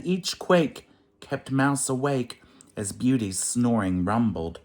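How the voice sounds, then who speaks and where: A man reading a rhyming children's picture book aloud in an expressive, sing-song way. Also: fairly low pitch, slow pace.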